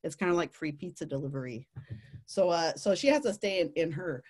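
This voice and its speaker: A woman telling a playful nature story to families, animated and laughing often. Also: sits low, brisk.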